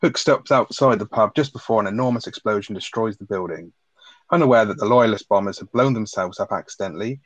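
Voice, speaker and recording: A man co-hosting a podcast, reading a plot summary and chatting about a film in a relaxed way. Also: fairly low pitch, dry recording. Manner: relaxed, laughs, tag questions. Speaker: podcast co-host. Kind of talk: reading a plot summary, then casual chat. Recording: dry, slightly dull mic sound.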